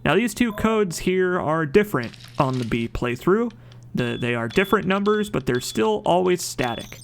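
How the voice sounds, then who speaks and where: A man giving casual, chatty commentary over his own gameplay, excited at times and often stopping to correct himself with a joke. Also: high-pitched, moderate pace, gravelly, a little hiss or hum. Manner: chatty, enthusiastic, jokes and corrects himself mid-sentence. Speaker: let's play commentator.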